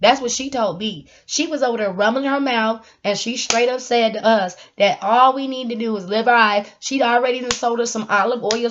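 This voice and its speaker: A woman vlogger talking casually to her viewers about faith, animated and laughing, sometimes breaking into song. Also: on the high side, muffled recording, background noise. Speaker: vlogger giving spiritual encouragement. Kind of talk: casual faith talk to camera.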